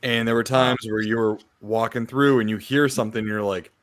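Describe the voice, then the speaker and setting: A man's voice: medium pitch, a little fast, dry recording. Laid-back male podcaster, dry close sound. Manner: relaxed, filler-heavy, laughs and swears while recounting. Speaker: podcast co-host. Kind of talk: casual chat.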